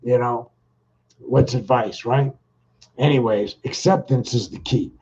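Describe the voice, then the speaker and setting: A man with a husky, slightly rough voice talks in a loose, folksy monologue full of slang. He speaks straight to his listeners. The recording is muffled and lo-fi. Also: mid-range voice, unhurried, darkish tone. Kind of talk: casual rambling monologue.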